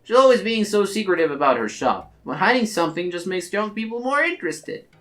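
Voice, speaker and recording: A prim bartender woman who scolds young customers and drifts into gossip, in a lively, mid-pitched voice a player uses while reading game dialogue. Faint music hums behind. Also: brisk.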